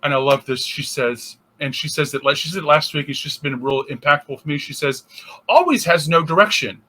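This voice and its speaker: A man's voice: medium pitch, little pitch movement, fairly quick, pushed and bright. A male interfaith minister giving a casual spiritual teaching, thinking aloud with restarts and acting out inner voices.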